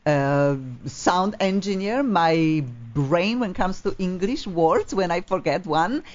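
A woman's voice: lowish voice, slow pace, a little mellow, highs cut off. A woman from Poland with a Polish accent, hosting a live radio talk show in a gushing, effusive way. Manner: effusive, gushing, non-native grammar.

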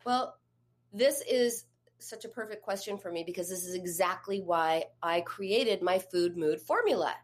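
A woman's voice: on the low side, normal speed. Woman coach giving direct advice. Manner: conversational, addresses listener directly with questions. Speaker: eating disorder therapist and coach. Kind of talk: advice talk.

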